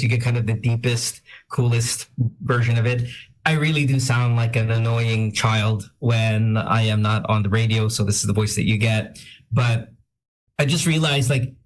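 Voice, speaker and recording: A male radio host with a medium-pitched voice chats casually, reading listener shout-outs with quick self-deprecating asides. His voice sounds slightly sick, and he says as much.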